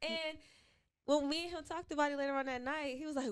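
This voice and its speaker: A young woman co-hosting a podcast, telling a story in casual chat and acting out quotes in high voices, swearing freely. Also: steady tone, a little fast, no room sound. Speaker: podcast co-host.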